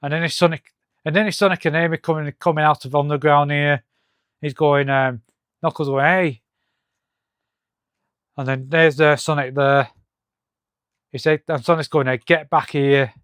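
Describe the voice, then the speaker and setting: A man walks through a comic book issue, talking in a halting, hesitant way with many fillers and restarts, and reading the dialogue aloud in his own voice. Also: fairly high pitch, flat delivery, fairly bright tone, smooth, dry recording, studio quality. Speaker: comic reviewer. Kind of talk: casual comic-book walkthrough.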